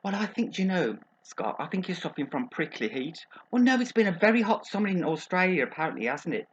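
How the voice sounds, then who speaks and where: The audio is lo-fi with a little hiss or hum. A man voices a chatty, middle-aged female agony aunt from Birmingham for a comic advice show, high-pitched, sing-song, and fast, gossiping, dropping innuendo, and calling everyone darling.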